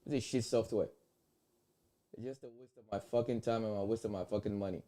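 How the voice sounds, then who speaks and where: A man's voice: lowish voice, fairly even intonation, brisk, mellow. Blunt, profane man ranting on a live stream. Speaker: commentary streamer.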